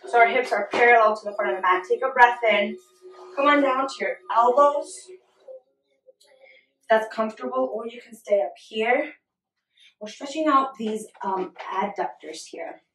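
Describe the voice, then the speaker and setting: A woman leading a yoga class at home, giving gentle, encouraging cues. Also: on the high side, unhurried, slight background noise. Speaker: yoga instructor. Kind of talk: guided yoga class with a toddler. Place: home room. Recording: echoey room, mic at a distance.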